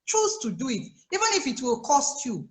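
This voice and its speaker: A woman with a Nigerian English accent, a life coach giving chatty, animated advice to new mothers on a video call, laughing often. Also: high voice, moderate pace, roomy sound. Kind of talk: casual advice on a live chat. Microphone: phone or laptop on a video call.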